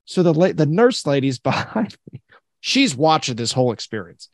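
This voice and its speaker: Lively, animated man telling a story. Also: on the high side, normal speed, no room sound, clean studio sound. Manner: animated, laughs through his stories, acts out the people in them. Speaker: podcast co-host. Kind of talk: casual storytelling chat.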